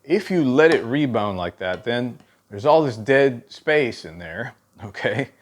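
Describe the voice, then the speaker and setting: A man in middle age giving a hands-on drum lesson, with a medium-pitched, everyday voice. He talks casually and unscripted, counting beats aloud and tagging many of his points with a quick "okay?" to check the viewer is following. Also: animated. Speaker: drum instructor. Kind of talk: spoken drum lesson with demonstrations.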